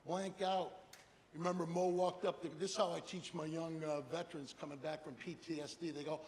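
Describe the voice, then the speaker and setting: An older man giving a humorous motivational keynote speech, animated storytelling and rhyming slogans. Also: fairly high pitch, fairly quick. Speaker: keynote speaker. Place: large hall with an audience. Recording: echoey hall, faint noise.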